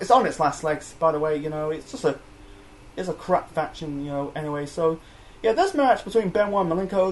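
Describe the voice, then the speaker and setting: Young male reviewer, slightly raised pitch, loose rambling delivery, lots of "you know" and restarts. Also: darkish tone. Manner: rambling, many fillers and self-corrections. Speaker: wrestling review host. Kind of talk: casual solo review chat.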